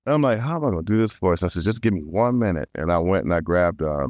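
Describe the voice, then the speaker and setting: A middle-aged man tells a story as an interview guest, his fairly low voice jumping up and down as he acts out what people said. The sound is close and dry, with no room around it. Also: fast, no echo. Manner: animated, acts out quotes with big pitch jumps. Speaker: voice actor guest.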